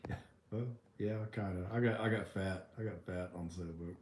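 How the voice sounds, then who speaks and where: A man with a fairly low voice chats casually with his viewers, wandering through his answers with plenty of ums, false starts and dry asides. His voice carries around a roomy, echoey space. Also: fairly even intonation, normal speed, a little mellow, a little hiss or hum. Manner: rambling, frequent ums and restarts, wry. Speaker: livestream host answering chat. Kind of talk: casual chat reading viewer comments.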